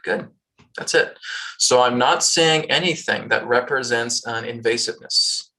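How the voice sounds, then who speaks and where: A man's voice: mid-range voice, unhurried, sharp tone. A man teaching spiritual healing on a video call. He keeps checking in with "right?" and "okay?" and sometimes acts out worried or pushy people in a raised voice. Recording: distant video call audio.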